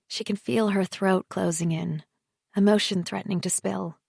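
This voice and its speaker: A woman narrating an audiobook in a quiet, measured voice that drops low on the speech tags. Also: steady tone, creaky, breathy edge, no echo, clean studio sound. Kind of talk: scripted narration.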